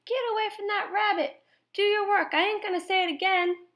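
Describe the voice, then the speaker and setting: A gruff old farm woman from a storybook barks orders in folksy rural grammar, as a woman reader puts her on. Her voice climbs high and loud, with no patience at all. She sounds hard and impatient. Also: steady tone, brisk. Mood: bossy.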